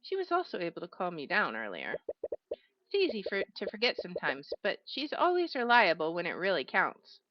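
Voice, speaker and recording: A woman's voice: on the low side, wildly swooping pitch, moderate pace, no room sound, lo-fi sound. A woman streaming a visual novel, reading it aloud expressively and reacting between lines. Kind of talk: reading a game story aloud. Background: background music.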